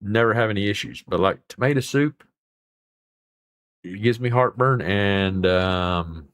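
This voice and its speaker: A man's voice: on the low side, unhurried, fairly bright tone, dry recording. A man hosting a livestream, rambling in a folksy way with mild swearing as he reacts to viewer comments. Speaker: livestream host. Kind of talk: casual chat reading viewer comments.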